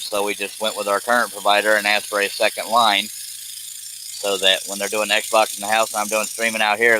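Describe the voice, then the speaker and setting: A man's voice: lowish voice, noisy background. A man from the United States, chatting casually with viewers on a live stream, joking and rambling off on tangents. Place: home streaming space.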